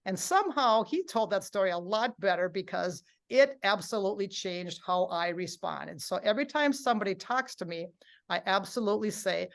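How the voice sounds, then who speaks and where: A middle-aged woman presenting a live workshop, upbeat and coaxing her audience to join in, acting out quotes with lively voices. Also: mid-range voice, brisk, creaky.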